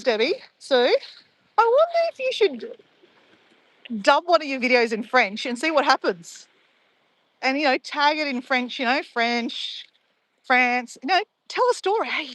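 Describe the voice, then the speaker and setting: A woman's voice: high-pitched, big pitch swings, a little slow, fairly bright tone, dry recording. A woman, chatting casually and playfully with live viewers in a bubbly, laughing way.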